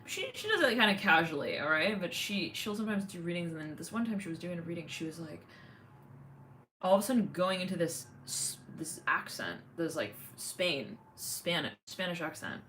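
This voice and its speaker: Woman host for casual livestream chat, rambling and talkative, lowish but animated voice. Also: normal speed, slight background noise. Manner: rambling, chatty, many fillers and laughs.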